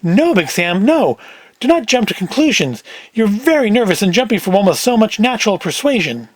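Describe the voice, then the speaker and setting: A man's voice: high-pitched, big pitch swings, normal speed, dry recording, voice pushed up. A man voicing a small, nervous male gambling fixer from New York in a cold-read of a script; he pleads in a jittery, wordy way. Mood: pleading.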